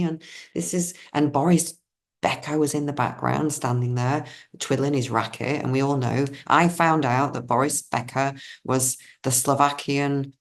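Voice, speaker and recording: A woman with a strikingly low voice chats as a spiritual card reader. She wanders from story to story, loses her thread and gushes with enthusiasm. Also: fairly even intonation, normal speed, vocal fry. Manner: enthusiastic, effusive. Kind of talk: casual digressive storytelling.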